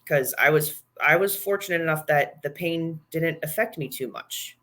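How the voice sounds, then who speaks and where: A young woman speaks openly and casually as a podcast guest. Her delivery is chatty and relaxed, with frequent light laughter. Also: low voice, normal speed. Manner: candid, chatty, laughs often. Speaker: guest, new mother.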